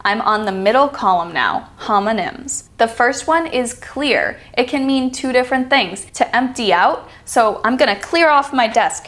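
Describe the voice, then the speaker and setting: A fairly high-voiced American woman leads an online pronunciation lesson. She slows right down on each example word and gives it careful stress. Now and then she acts out a short sample sentence with a lift in her voice. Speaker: accent reduction teacher. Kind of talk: online lesson, clear instructional delivery.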